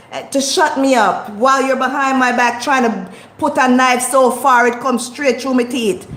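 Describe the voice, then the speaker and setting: A woman's voice: sits high, steady tone, normal speed, hardly any pauses, a bit bright. A woman vlogging in a casual motivational talk, speaking in a passionate, preachy way and repeating her points for emphasis. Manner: impassioned, preachy, repetitive. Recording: echoey room.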